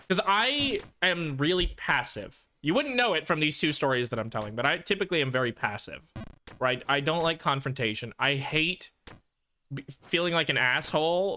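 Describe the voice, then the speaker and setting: Fairly high in pitch and sharp in tone, this man's voice carries a rambling, profane story he tells his chat during a video game stream. His manner is ranting and self-deprecating, the talk casual storytelling as he plays.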